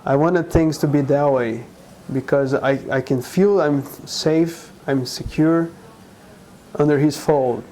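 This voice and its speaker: A man from Brazil, a guest in an interview, speaking earnestly and haltingly, with frequent restarts. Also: on the high side, dark tone, slight background noise, rough recording. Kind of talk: conversational interview.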